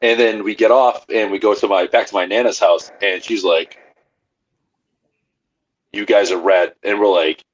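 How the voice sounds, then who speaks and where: A man's voice: fairly low pitch, fairly even intonation, moderate pace, pauses often. A man co-hosting a podcast, telling an easygoing, self-deprecating anecdote in casual chat. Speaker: podcast co-host. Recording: dull lo-fi mic with faint hiss.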